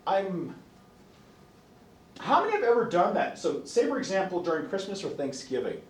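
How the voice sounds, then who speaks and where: Animated male lecturer, echoey classroom. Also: high-pitched, a little fast, far from the mic. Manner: animated, acts out quoted voices. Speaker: psychology lecturer.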